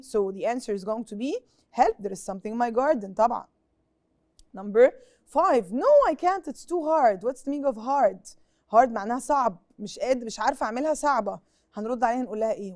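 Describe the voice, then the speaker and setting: A woman's voice: fairly high pitch, warm tone, no room sound, clean studio sound. A young Egyptian woman teaching an English lesson on TV, asking pupils questions and repeating each point in Arabic. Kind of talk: TV classroom lesson.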